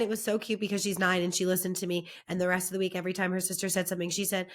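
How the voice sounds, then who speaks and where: A young adult woman co-hosts a podcast, chatting casually and telling stories with plenty of fillers, especially "like." She has lost her voice from not sleeping, so it sounds worn; it's lowish with little pitch movement, and she races along with hardly any pauses.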